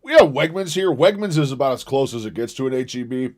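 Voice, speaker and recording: A man's voice: medium pitch, animated, fast talker, a little mellow. A man streaming a casual reaction, joking and swearing freely as he chats over the video.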